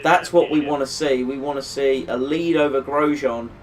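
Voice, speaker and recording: A tired man talks through the results of a long racing game session, rambling and thinking aloud between fillers. His voice sits at an ordinary middle pitch. Faint music plays underneath. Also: steady tone, normal speed, far from the mic. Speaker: gaming channel host. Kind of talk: racing game career commentary.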